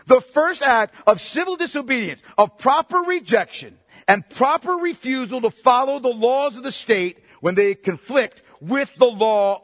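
A man's voice: extremely high pitch, no echo, clean studio sound, long reverb tail. A man preaching a sermon, emphatic, repeating phrases for stress and asking the congregation questions. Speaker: pastor.

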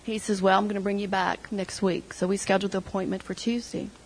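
A woman's voice: medium pitch, level tone, fast, slight background noise, rough recording. A middle-aged woman sharing an emotional personal testimony with her church group, retelling conversations as she goes. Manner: emotional storytelling, quoting others.

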